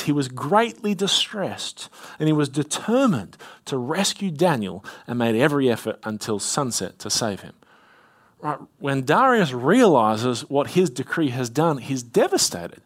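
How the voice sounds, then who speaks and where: A man preaching an expository sermon, reading scripture aloud with rising emphasis and dropping to a soft, low voice on key points. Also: sing-song, moderate pace.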